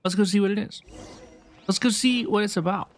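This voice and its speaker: High-voiced, chatty young streamer. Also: male voice, fairly quick. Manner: rambling, chatty, repeats himself. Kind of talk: casual live game commentary.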